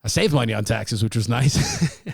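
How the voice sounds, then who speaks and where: A man's voice: medium pitch, sing-song, moderate pace, vocal fry, husky, no echo, studio quality. A man hosting a casual solo podcast, talking bluntly and profanely, rambling with restarts. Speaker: podcast host.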